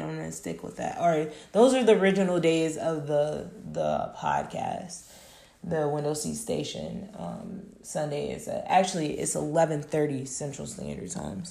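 A woman's voice: sits low, sing-song, moderate pace, creaky, dark tone. A woman hosting her own podcast, wrapping up a solo episode in a laid-back, profane, affirming way. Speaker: podcast host. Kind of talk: casual solo podcast wrap-up.

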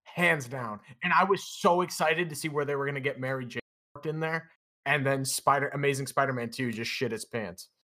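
A man's voice: medium pitch, a little fast, bright, forceful tone. A young man co-hosting a podcast, chatting casually and animatedly, swearing freely. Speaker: podcast co-host. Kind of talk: casual chat.

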